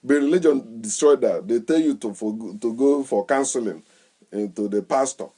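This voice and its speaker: A man giving his opinions in casual talk, lively, acting out the people he quotes and laughing often. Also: medium pitch, normal speed, husky. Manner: animated, acts out quoted voices.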